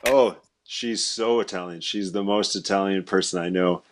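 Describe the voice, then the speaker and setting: Deep-voiced joking podcast host, a man. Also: fairly even intonation, normal speed. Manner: loose, joking, rambling with slang. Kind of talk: casual podcast chat.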